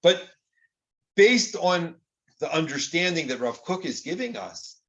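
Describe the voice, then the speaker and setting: A man's voice: on the high side, very animated, a little slow, fairly bright tone. An older man teaching Torah in an informal, conversational lecture, often acting out quoted exchanges with rhetorical rises.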